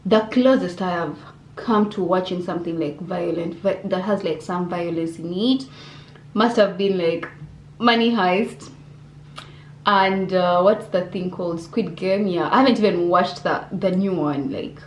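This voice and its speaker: A woman's voice: lowish voice, measured pace, slight background noise. Young woman from uganda, chatty and rambly, lots of "like" and restarts, echoey room. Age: young adult. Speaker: vlogger. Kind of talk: casual Q&A vlog chat. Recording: echoey room with faint ambience.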